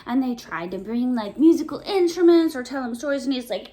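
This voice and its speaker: A woman teaching Sunday school, telling a Bible story to children in an animated, playful way. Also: high-pitched, normal speed, hardly any pauses.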